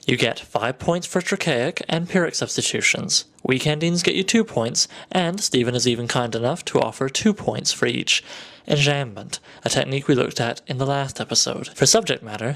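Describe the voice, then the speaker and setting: A man's voice: medium pitch, fairly bright tone. A man vlogging to camera, explaining poetry exercises in a dry, self-mocking, playful way. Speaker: video blogger. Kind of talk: wry explanatory talk to camera.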